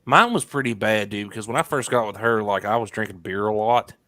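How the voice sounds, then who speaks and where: A man's voice: fairly low pitch, fairly quick, pushed and bright, slight background noise. A man co-hosting a podcast, laid-back and crude in casual chat on a close mic. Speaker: podcast co-host.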